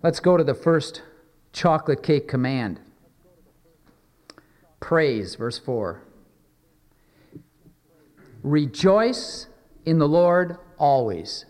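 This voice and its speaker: A man's voice: a little high, lively intonation, darkish tone. Earnest male pastor preaching in a reverberant hall. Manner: earnest, measured preaching with slow emphatic scripture readings. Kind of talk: sermon.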